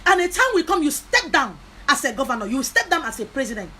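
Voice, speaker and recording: A woman's voice: sits high, big pitch swings, quick pace, bright, forceful tone, low-quality recording. A woman giving an impassioned live video talk as a spiritual teacher, repeating herself and firing off rhetorical questions. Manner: repeats words and phrases.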